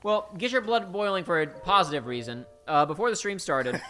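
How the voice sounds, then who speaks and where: A young man playing a game on a stream, making teasing quick asides in casual chat. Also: high-pitched, animated, bright, forceful tone, soft background music. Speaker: player on a gaming stream.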